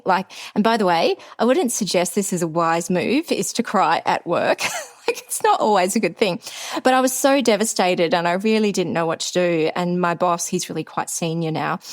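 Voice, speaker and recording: A woman in her forties with an Australian accent, co-hosting a podcast and telling a story in lively casual chat, acting out the voices she quotes. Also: fairly low pitch. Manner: animated, acts out quoted voices. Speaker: podcast co-host.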